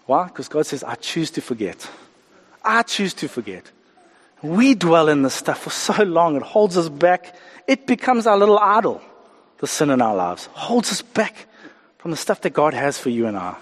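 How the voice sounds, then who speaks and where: A middle-aged man preaching a sermon, animated and acting out the voices he quotes. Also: fairly high pitch, moderate pace. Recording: hall reverb.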